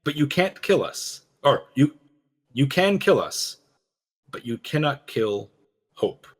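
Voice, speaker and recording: Husky man rambling through a discussion. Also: medium pitch, sing-song, slow. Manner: rambling, frequent restarts and fillers. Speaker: podcast co-host. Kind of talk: casual discussion of a game cinematic.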